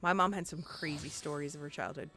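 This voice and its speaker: A woman's voice: deep voice, steady tone, fairly quick, soft background music. Rambling, profane young woman streamer. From Puerto Rico. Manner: rambling, profane, gets worked up and loud. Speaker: game streamer. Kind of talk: casual live-stream storytelling.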